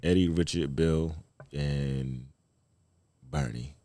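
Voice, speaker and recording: Man, comedian guest, very low pitch, dead-dry sound, animated cussing storyteller. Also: slow, creaky, dry recording. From Baltimore. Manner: animated storyteller, profane, slips into quoted voices. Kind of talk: casual podcast chat.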